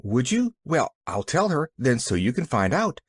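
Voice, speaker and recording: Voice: mid-range voice, sing-song, normal speed, husky, no room sound. A reader voicing a cheerful, earnest little girl who chatters eagerly.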